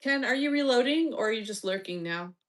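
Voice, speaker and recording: A woman's voice: on the high side, expressive, fairly quick. Bossy, teasing woman streamer. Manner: swears, distracted and muttering. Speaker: livestream host reading chat. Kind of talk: casual live-stream chat.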